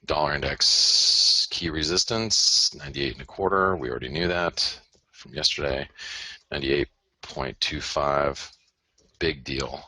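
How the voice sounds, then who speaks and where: A man's voice: very deep voice, a little slow, pushed and bright, no room sound. A man hosting a live currency-market analysis broadcast, rambling, self-interrupting and joking as he goes through his charts. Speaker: host and currency trader.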